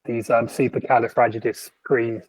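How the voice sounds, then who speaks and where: A man co-hosting a podcast in casual chat, animated and sardonic, stumbling through frequent restarts. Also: mid-range voice, moderate pace, no room sound, rough recording. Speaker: podcast co-host.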